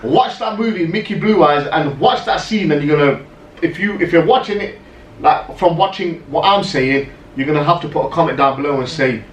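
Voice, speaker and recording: A man co-hosting a podcast, telling stories in casual, animated chat full of "right?" asides. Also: a little high, fairly quick, far from the mic. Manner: animated storyteller, lots of "right?" and "yeah?" asides. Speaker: podcast co-host. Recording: roomy echo, off-mic, faint noise.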